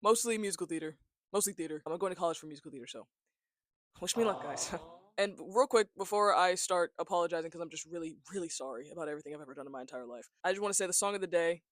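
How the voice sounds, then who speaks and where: A man's voice: on the high side, rapid-fire, dry recording. A nineteen-year-old man chatting casually to camera, a little congested, joking and self-mocking as he talks into a tiny handheld mic held close. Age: young adult. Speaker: vlogger. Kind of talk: casual talking-head chat. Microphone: small handheld mic, close.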